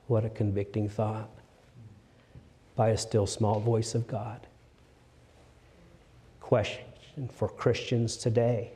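A male preacher giving a sermon. He asks his listeners questions and drops to hushed tones for emphasis. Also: fairly low pitch, flat delivery, slow, long pauses. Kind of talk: sermon, Bible exposition.

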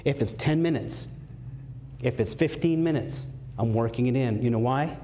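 A man preaching a sermon, emphatic and swinging from high, raised lines to low, quiet ones. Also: slight background noise. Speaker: pastor.

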